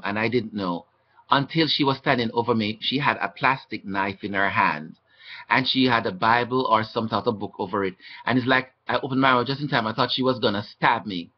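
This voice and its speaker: Man on a webcam, indignant recounting of mistreatment, mid-pitched voice, muffled low-fi audio. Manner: aggrieved, indignant, acting out quoted exchanges. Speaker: former hospital patient recounting mistreatment. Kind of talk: webcam testimony monologue. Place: indoors.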